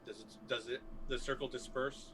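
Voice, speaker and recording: A man's voice: mid-range voice, level tone, brisk, bright, forceful tone, slightly rough, rough recording. A man playing a tabletop game, describing his character's actions in a playful, mischievous way. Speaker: player.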